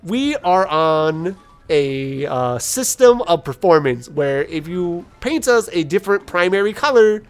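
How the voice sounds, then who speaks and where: A man voicing slow-witted, boastful male war orcs in a ponderous, self-satisfied drawl during game commentary. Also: high-pitched, big pitch swings, smooth, soft background music.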